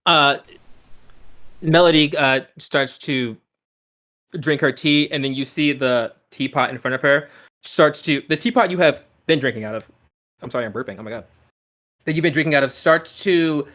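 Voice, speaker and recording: A man's voice: on the high side, normal speed, long pauses, a bit bright. A man running a tabletop game as game master, narrating in a rambling way with lots of fillers.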